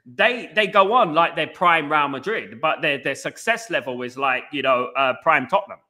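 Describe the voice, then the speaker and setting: A man from England hosting a casual live football fan stream. He gives animated shout-outs to viewers and rambles with frequent restarts. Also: on the high side, normal speed. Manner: animated, greets viewers by name with "big up". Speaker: football fan channel host.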